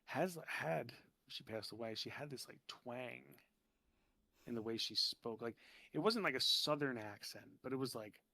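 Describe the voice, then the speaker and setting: A man's voice: medium pitch, expressive, gravelly, sharp tone, no echo. A man from New Jersey chatting as a podcast guest, rambling and saying "like" a lot. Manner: rambling, peppered with "like", quick laughs. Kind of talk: casual chat.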